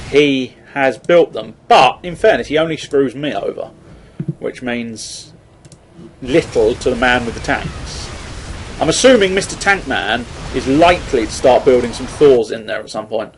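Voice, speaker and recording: A man's voice: mid-range voice, animated, measured pace, slight background noise, low-quality recording. Rambling, swearing man commentating gameplay. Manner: rambling, swearing, self-mocking. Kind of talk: casual strategy game commentary.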